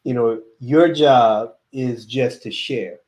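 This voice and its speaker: A man's voice: mid-range voice, takes it slowly, a little mellow. Reflective man giving advice on a podcast. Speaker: podcast co-host, DJ. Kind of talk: casual chat.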